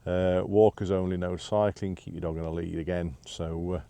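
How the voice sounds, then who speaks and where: The recording is clean with no echo: a low, mellow male voice with vocal fry, totally flat and at normal speed. He's a vlogger walking a windy hillside path, breathless from the climb, rambling chattily with lots of "uh"s and self-deprecation.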